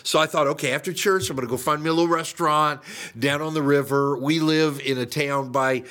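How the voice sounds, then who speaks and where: An older man, a pastor, preaching a sermon and telling a story, acting out quotes with sudden jumps in pitch. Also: fairly even intonation, fairly quick, a bit bright.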